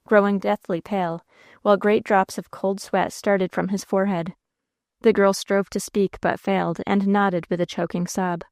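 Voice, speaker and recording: A woman with a medium-pitched voice narrates a classic novel as an audiobook. Her storytelling is measured and expressive, recorded dry with studio quality.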